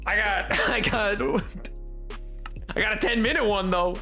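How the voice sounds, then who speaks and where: A man's voice: high voice, fairly even intonation, measured pace, sharp tone, soft background music. A man streaming a game, chatting casually with chat, joking, tripping over his words and laughing. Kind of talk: casual live-stream chat while gaming.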